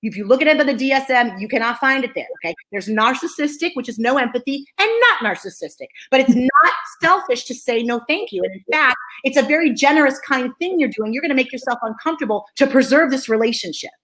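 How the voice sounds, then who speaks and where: A psychologist hosts a talk in a high, rapid voice with barely any pauses, and the recording is rough. She teaches with energy and animation, repeating key phrases for emphasis and frequently checking in with "okay?"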